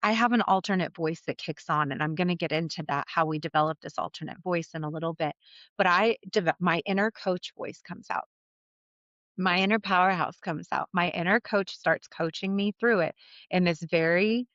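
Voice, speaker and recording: A woman's voice: on the low side, moderate pace, a bit bright, no room sound. A woman podcast host and life coach talking through a solo episode in a candid, conversational way, blunt and willing to swear. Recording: dull, slightly muffled dry recording.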